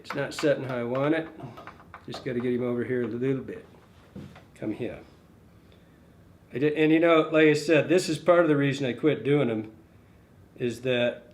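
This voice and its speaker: A middle-aged man with a slightly high voice talks through a hands-on tying demonstration. He rambles in a folksy way and keeps correcting himself. It is unscripted and relaxed, like an instructor talking to a camera over his vise.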